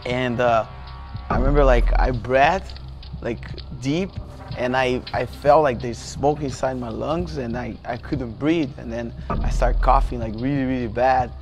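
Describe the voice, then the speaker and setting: A man in his thirties with a Brazilian Portuguese accent tells a personal story in an interview, halting and restarting, with many fillers. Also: mid-range voice, faint music behind. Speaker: jiu-jitsu athlete.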